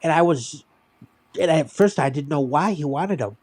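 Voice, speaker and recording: Man, mellow tone, slightly higher pitch, chatty storyteller, livestream host. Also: normal speed, no room sound. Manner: animated anecdote telling, acting out other people's lines. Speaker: streamer.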